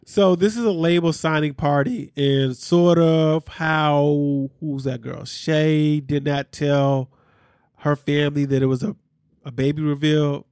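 Male podcast host, casual recap chat, higher voice, dry close sound. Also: slow, clear, resonant tone, dry recording. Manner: animated, candid, slangy with asides to listeners.

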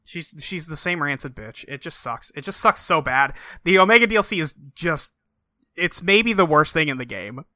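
A man chatting casually as a podcast co-host, blunt and sarcastic and quick to mock. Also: a little high, lively intonation, bright, forceful tone, no echo, clean studio sound. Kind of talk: casual chat.

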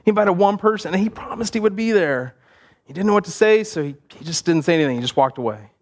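Lively, animated male pastor. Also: high voice, fast. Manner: animated, conversational, laughing. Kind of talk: sermon storytelling.

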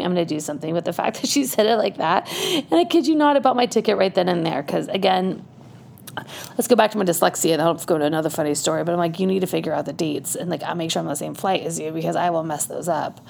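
A woman telling a personal story in a loose, chatty way, often breaking into laughter as she goes. Her voice has a gravelly vocal fry, and a faint low rumble sits underneath. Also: quick pace, a little mellow.

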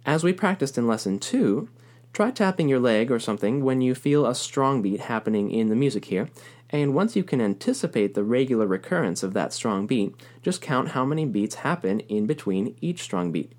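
A man's voice: medium pitch, lively intonation, moderate pace, a little mellow. A man teaching a recorded music lesson, explaining rhythm patiently and counting beats aloud.

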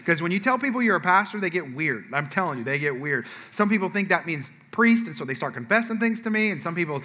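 Animated pastor telling a funny story. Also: male voice, sits high, fast talker, in a large hall. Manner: animated storyteller, acts out quotes, asks audience. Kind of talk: humorous sermon story.

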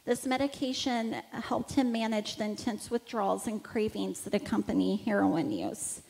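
Gravelly-voiced woman sharing outreach stories. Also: medium pitch, normal speed, darkish tone, low-quality recording. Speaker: homeless outreach worker. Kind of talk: storytelling talk.

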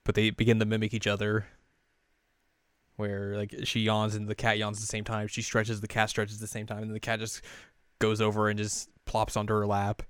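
A man's voice: fairly low pitch, completely flat delivery, a little fast, a bit bright, clean tone, dry recording, clean studio sound. A man hosting a podcast, chatting through an episode recap with fillers and laughs. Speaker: podcast host.

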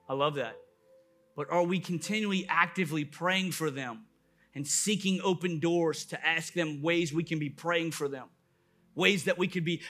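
A man's voice: fairly high pitch, bright, forceful tone. A man preaching a sermon as a pastor, building with emphatic, repeated questions. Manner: impassioned preaching with rising emphatic repetition.

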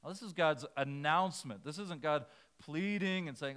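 A man's voice: on the high side, animated, moderate pace, a bit bright, clean tone. A man preaching a sermon in a conversational way, shifting his emphasis as he quotes scripture. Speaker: pastor.

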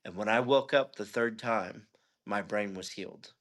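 A man's voice: on the low side, normal speed, fairly bright tone. A middle-aged man, a pastor, telling a personal testimony in an interview in an earnest, conversational way. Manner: earnest, conversational storytelling with frequent "you know".

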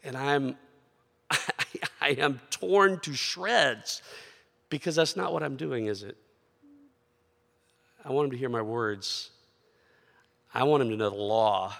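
A man's voice: mid-range voice, takes it slowly, gravelly, long pauses, a bit bright. A middle-aged man preaching a sermon as a pastor, telling a personal story in a conversational way and asking rhetorical questions. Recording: long reverb of a large hall.

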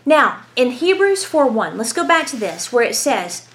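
A woman giving a lively, conversational Bible lesson, telling stories and asking rhetorical questions. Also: a little high, normal speed. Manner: animated, storytelling, asks rhetorical questions. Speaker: Bible teacher.

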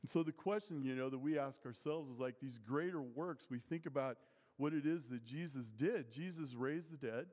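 A man's voice: medium pitch, moderate pace, a little mellow. Man, pastor, sermon, earnest, emphatic, long hall reverb. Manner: earnest, emphatic preaching with rising intensity on key phrases.

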